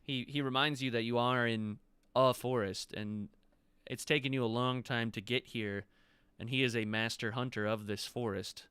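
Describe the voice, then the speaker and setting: A man narrating as game master of a tabletop game, relaxed and descriptive with quick asides. His voice is bright and notably clean, and the recording is close and dry. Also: mid-range voice, smooth, dry recording.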